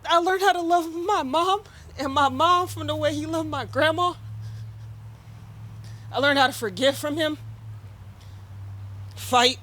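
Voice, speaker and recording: A woman's voice: sits high, measured pace, pauses often, a bit bright. A woman speaking at her father's memorial, casual and heartfelt, chatting with the gathered crowd. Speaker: eulogy speaker, daughter of the deceased. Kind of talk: emotional memorial speech.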